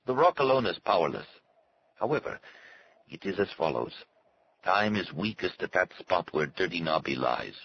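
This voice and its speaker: A man's voice: deep voice, sing-song, moderate pace, highs cut off, slight background noise. A man voicing a sad, haughty native servant who speaks in formal, stately phrases. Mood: solemn. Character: solemn, haughty male native servant and guide. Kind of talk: audiobook character voice.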